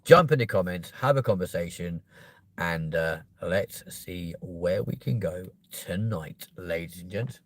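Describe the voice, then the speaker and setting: A young man with a London accent hosts a casual livestream, reading comments and chatting cheekily with viewers. His voice sits fairly low, and he bursts into loud, excited pushes for subscribers. The sound is dry and close, with no room around it. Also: unhurried, dry recording. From England. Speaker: livestream host.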